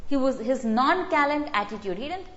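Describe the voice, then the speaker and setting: A woman's voice: high-pitched, expressive, moderate pace, fairly bright tone. A woman teaching an online test-prep class, repeating key words and explaining them through stories. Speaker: GRE vocabulary teacher. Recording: slightly dull lo-fi audio.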